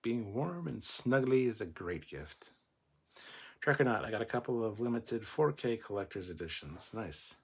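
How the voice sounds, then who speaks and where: Husky low-voiced man chatting on a livestream. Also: animated, normal speed. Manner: joking, chatty, rambling with restarts. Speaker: livestream host. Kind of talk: casual livestream chat, reading viewer comments.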